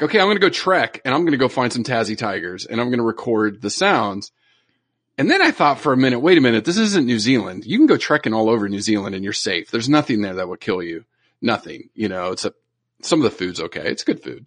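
A man co-hosting a casual podcast, telling rambling, sidetracked stories in an animated way. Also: mid-range voice, no room sound. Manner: animated storyteller, easily sidetracked. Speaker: podcast co-host. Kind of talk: casual chat.

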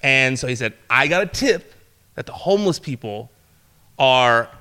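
Bright-voiced young man telling a story. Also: moderate pace, clean tone. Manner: animated storyteller, acts out quotes in a higher voice, many fillers and restarts. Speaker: podcast guest, former entertainment reporter. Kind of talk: casual storytelling chat.

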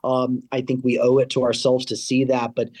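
A man speaking as a college tennis coach in a casual interview. His pitch stays level and even, with little rise or fall, and he rambles through fillers and false starts. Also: moderate pace. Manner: rambling, many fillers and restarts.

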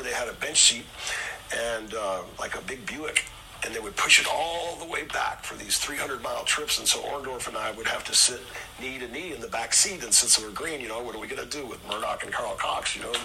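A man's voice: bright, forceful tone, slight background noise, poor audio. Rambling man telling an old road story. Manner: rambling with many fillers, acts out quotes in a high voice. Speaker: storyteller recounting wrestling days. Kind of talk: casual storytelling.

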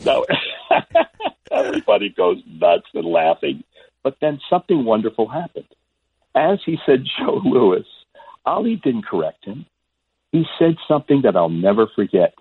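A man in his sixties from Florida, a guest sportscaster telling stories in a phone interview, animated and stammering on restarts. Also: on the low side, normal speed, no room sound. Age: 60s. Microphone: telephone. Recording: husky, dry phone line.

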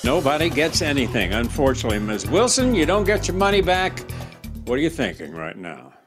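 A man's voice: fairly high pitch, very animated, fairly quick, music in the background. A man interviewing the parties after a court ruling, asking probing, casual questions. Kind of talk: post-verdict interview.

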